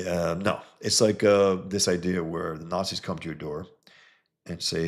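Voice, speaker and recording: A man, a comics creator, talking in a heated, blunt monologue and mocking other views. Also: moderate pace. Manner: heated, blunt, mocks others with sudden high put-on voices. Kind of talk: casual opinionated monologue.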